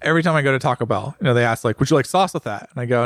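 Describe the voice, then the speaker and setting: A man's voice: fairly high pitch, sing-song, quick pace, pauses often, a bit bright, no room sound, clean studio sound. A man co-hosting a casual podcast chat, joking and laughing often. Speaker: podcast co-host.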